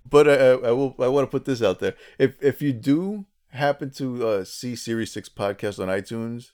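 A man's voice: mid-range voice, moderate pace, darkish tone. A man co-hosting a casual podcast, chatty and jokey, often restarting his sentences. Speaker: podcast co-host.

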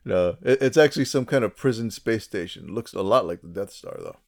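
A man's voice: lowish voice, expressive, a little fast, gravelly. A man co-hosting a casual podcast, chatty and jokey, often restarting his sentences. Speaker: podcast co-host.

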